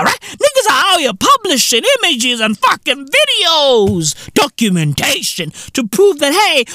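A South African man hosting a comedic podcast, ranting with profane, mocking energy and sudden jumps up into high exclaims. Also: pushed and bright, dry recording, clean studio sound. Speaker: podcast host.

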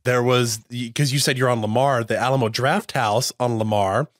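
A man's voice: mid-range voice, moderate pace, no echo, clean studio sound. A man hosting a casual interview and reminiscing about how a town has changed.

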